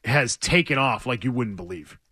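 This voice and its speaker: A man's voice: medium pitch, animated, a little fast, sharp tone, husky, dry recording. A man hosting sports talk radio, blunt and mocking in his banter.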